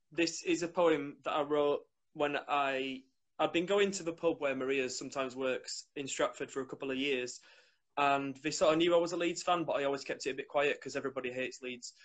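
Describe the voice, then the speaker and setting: A man's voice: a little high, fairly even intonation, normal speed, fairly bright tone. A young man with a Yorkshire accent, a guest poet introducing and reading his poem in a casual, dry way.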